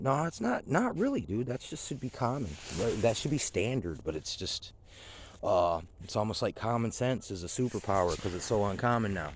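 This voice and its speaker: A man's voice: on the low side, sing-song, normal speed, a little hiss or hum. A man vlogging outdoors in the woods, rambling casually and swearing often, with many fillers. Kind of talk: casual outdoor vlog monologue.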